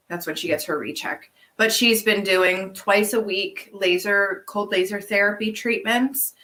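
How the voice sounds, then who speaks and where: A woman co-hosting a casual livestream Q&A from her farm, telling stories in a chatty, animated way. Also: fairly low pitch, roomy sound, rough recording. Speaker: farm co-owner and livestream host.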